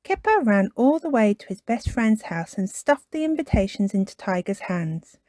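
A woman reading a children's storybook aloud, her voice rising and falling with lively expression. Her pitch sits in the middle range, and the recording is close and dry. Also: normal speed, no room sound. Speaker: storytime reader.

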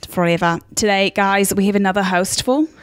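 A woman co-hosting a podcast, teasing and giggling through casual chat. Her voice is low for a woman, recorded dry and up close. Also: a little fast, no room sound. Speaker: podcast co-host.

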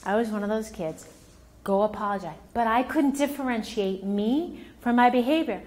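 Woman, family therapist, workshop talk to parents, animated, fairly high voice, acts out voices. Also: normal speed.

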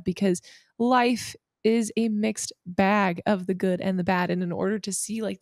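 A woman hosting a podcast, responding to her guest in an affirming, animated way. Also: mid-range voice, gravelly, no room sound, studio quality. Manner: warm, affirming, animated when stressing a point. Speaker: podcast host. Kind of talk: casual interview chat.

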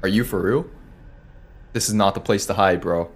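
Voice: low-pitched, normal speed. A streamer giving live commentary over a horror game, reactive and prone to shrieking. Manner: reactive, swings from mumbling to shrieking.

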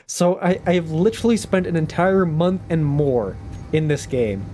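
A man's voice: a little high, measured pace, mellow, a little hiss or hum. A young man streaming a video game, chatting casually in a rambling, self-conscious way. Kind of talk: casual livestream chat.

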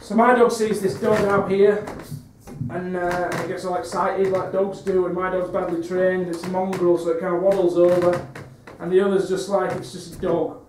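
A man giving a live spoken-word performance lecture, rhythmic and repetitive, swinging from wry asides to loud rants. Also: high-pitched, little pitch movement, moderate pace, noisy background. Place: performance venue with audience. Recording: echoey hall, mic far off.

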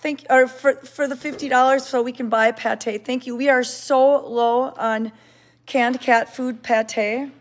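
A woman's voice: high-pitched, steady tone, unhurried. A woman hosting a casual livestream from an indoor cat sanctuary, chatting, greeting viewers by name and cooing at the cats, recorded on a handheld phone.

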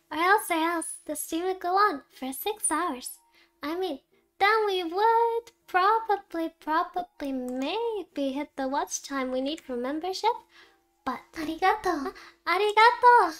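A woman's voice: very high voice, a bit bright. A young woman streaming a game live, talking playfully with melodramatic, mock-heroic declarations and scattering Japanese words into her English. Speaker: VTuber streamer.

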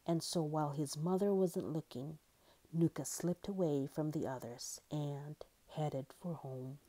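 A woman reading a children's picture book aloud in a gentle, expressive way. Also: low-pitched, unhurried. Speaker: storyteller.

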